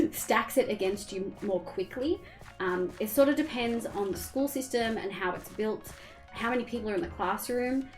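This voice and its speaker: A young Australian woman streamer chatting casually and candidly with her viewers while she plays, swearing now and then. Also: mid-range voice. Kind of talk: casual chat while gaming.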